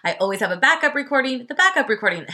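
Bright, chatty woman podcaster. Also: sits high, rapid-fire. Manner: chatty and expressive, filler-heavy, addresses listeners as y'all. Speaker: podcast host. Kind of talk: casual solo podcast storytelling.

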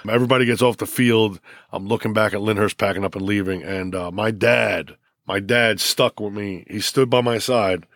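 A middle-aged man, a high school football coach, telling stories emotionally in a casual interview, with many restarts and repeats. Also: normal speed, no echo, clean studio sound.

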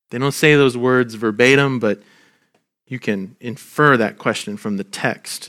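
A man preaching a sermon as a pastor, earnest and gentle, his voice dropping soft at the ends of lines. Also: mid-range voice, clean tone. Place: church.

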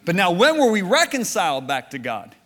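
A man preaching a sermon, telling stories and swinging from low, hushed lines to loud shouted bursts. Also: wildly swooping pitch, brisk, big-room sound.

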